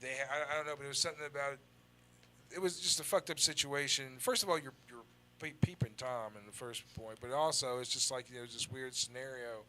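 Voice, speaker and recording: A man tells a story in loose, profane talk with a bright, pushing edge to his voice. He slips into the voices of the people he quotes. A faint hum of noise sits under him. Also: mid-range voice, fairly quick. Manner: animated, acts out quoted dialogue. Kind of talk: casual storytelling with heavy swearing.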